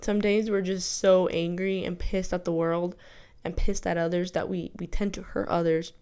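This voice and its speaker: Smooth-voiced young woman, rambling reflectively. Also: lowish voice, level tone, normal speed, dark tone. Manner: rambling, self-reflective, many fillers and restarts. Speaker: vlogger. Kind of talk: casual personal storytelling.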